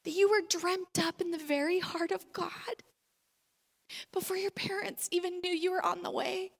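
A woman preaching a sermon in a conversational, animated way, acting out small everyday scenes to make her point. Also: extremely high pitch, moderate pace, vocal fry. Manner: animated, conversational, acts out little quoted scenes. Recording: long reverb of a large hall.

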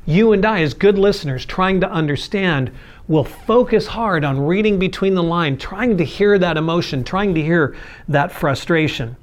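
A man preaching a sermon, earnest and conversational, with a slightly higher voice than most men. He slips into little acted-out quotes to make his points. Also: expressive, moderate pace. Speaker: pastor.

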